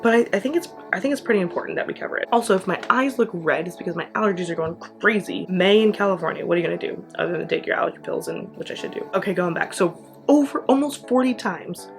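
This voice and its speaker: A young American woman hosting her own channel, talking earnestly to camera in a chatty way with quick asides. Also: fairly low pitch, expressive, creaky, soft background music. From United States. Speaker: channel host. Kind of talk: casual vlog talk to camera.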